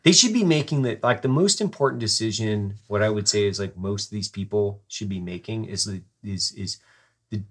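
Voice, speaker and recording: A man's voice: lowish voice, moderate pace, breathy edge. A man hosting a podcast, telling a rambling story and swearing freely in casual chat.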